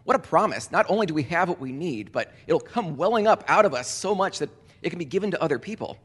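Male pastor, communion sermon, earnest and deliberate, slightly high voice, long church reverb. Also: animated, a bit bright, slightly rough. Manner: earnest, deliberate, repeating key phrases for emphasis. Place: church sanctuary.

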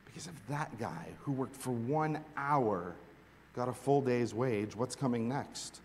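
Male pastor, mid-pitched, animated delivery from quiet to forceful, big reverberant hall. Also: measured pace, a little hiss or hum. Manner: animated preaching, swinging from hushed to emphatic. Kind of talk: sermon. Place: large hall with long reverb. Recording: echoey hall recording.

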